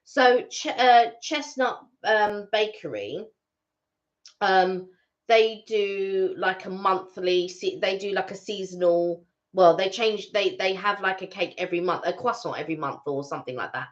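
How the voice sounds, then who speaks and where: A woman's voice: medium pitch, measured pace, lo-fi sound. A woman co-hosting a casual live stream from home, chatting in a loose, rambling way. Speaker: livestream co-host.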